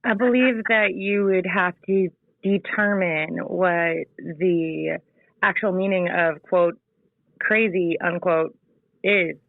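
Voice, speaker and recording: A caller making a slow, deliberate, pedantic point. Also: mid-range voice, gravelly, no echo. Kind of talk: call-in comment. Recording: phone line.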